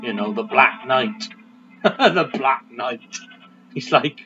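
A man's voice: mid-range voice, lively intonation, slow pace, pauses often, bright, forceful tone, muffled recording, faint music behind. A man casually commentating a video game, chatty and joking as he rambles. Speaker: let's play host.

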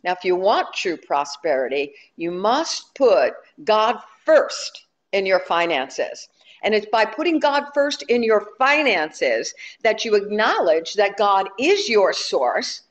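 A woman's voice: mid-range voice, very animated, slow, lo-fi sound. A woman minister giving a sermon in a conversational, humorous way. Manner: conversational and humorous, telling jokes to the congregation.

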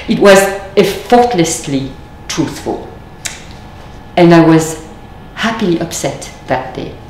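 Woman lecturing in an echoey room. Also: medium pitch. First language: French. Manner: measured, thoughtful, with deliberate pauses. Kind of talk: reflective lecture. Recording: echoey room, faint background noise.

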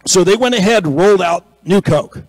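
A man's voice: sits high, expressive, brisk, no echo, rough recording. A man preaching a conversational sermon, telling a story and acting out the people in it, then building to an emphatic exhortation. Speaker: pastor.

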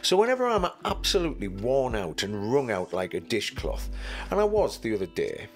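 A man's voice: medium pitch, huge pitch swings, fairly quick, faint music behind. A middle-aged man, telling stories in a chatty, self-mocking way as an interview guest. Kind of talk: casual storytelling.

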